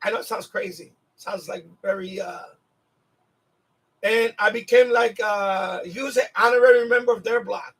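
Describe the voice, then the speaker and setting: Male stream host, New York accent, raised in the city; raspy, high-pitched, mic a bit far off. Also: steady tone, moderate pace. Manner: rambling, laughs often, many restarts. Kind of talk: casual storytelling chat.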